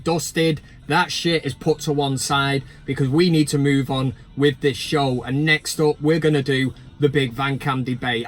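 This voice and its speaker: Male fan vlogger, raised pitch, sarcastic and sweary. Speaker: fan channel host. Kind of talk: ranting casual vlog.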